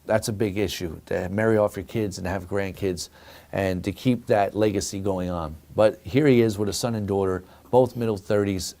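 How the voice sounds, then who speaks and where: A middle-aged rabbi with a lowish, darkish voice preaches a sermon during his weekly Torah lesson, telling a story and addressing his listeners as friends.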